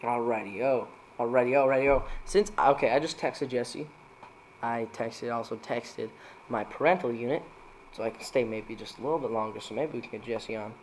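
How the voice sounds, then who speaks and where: A man casually reading dad jokes aloud as a streamer, laughing at his own punchlines and jumping into higher voices for them. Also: normal speed, a little hiss or hum.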